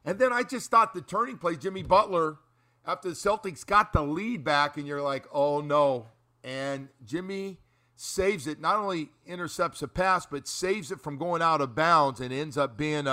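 Rambling, bright-voiced sports radio host. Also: male voice, on the high side, normal speed. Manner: animated, rambling, repeats words.

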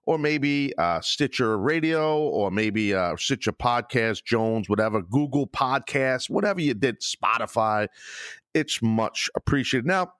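A man hosts his own podcast solo, ranting sarcastically and swearing often with no music underneath. His voice is medium-pitched and a little bright, recorded dry on a studio microphone with studio-quality sound.

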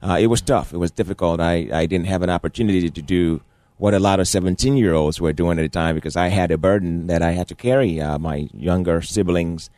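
A middle-aged man from Nigeria with a Nigerian accent, a guest on a radio show, telling his life story earnestly and hitting each syllable clearly. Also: low voice, fairly quick, dark tone, no echo. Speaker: guest, state rep candidate. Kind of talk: radio interview. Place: radio studio. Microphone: studio mic.

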